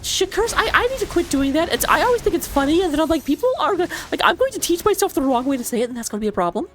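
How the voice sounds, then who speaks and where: A woman with a high, rapid-fire voice full of big pitch swings casts a recorded esports match solo, chatty and self-deprecating, with frequent asides and apologies. She's recovering from surgery and sitting low in her seat, mixing game commentary with personal chat.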